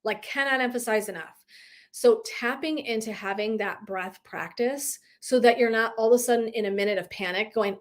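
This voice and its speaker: A woman in her thirties speaks as a wellness coach on a live stream, slightly high-voiced and lively. She talks casually and animatedly, swearing lightly and laughing often. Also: normal speed.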